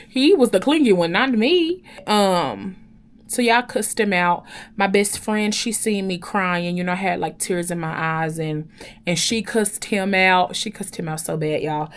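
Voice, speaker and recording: Animated young woman telling a story. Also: mid-range voice, unhurried. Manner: animated, chatty, addresses viewers as y'all. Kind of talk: casual storytime chat.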